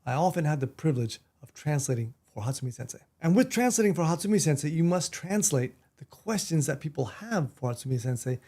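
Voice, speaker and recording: Animated man in his sixties. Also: a little high, fast talker, hardly any pauses. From Miami, Florida, US. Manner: animated, punchy storyteller who grows loud and emphatic. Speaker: vlog host and martial arts teacher. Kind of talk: casual storytelling vlog.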